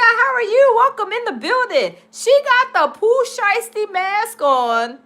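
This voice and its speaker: A woman hosting a live reaction stream, talking to her chat in an animated, exclaiming way. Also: extremely high pitch. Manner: animated, exclaiming, laughing often.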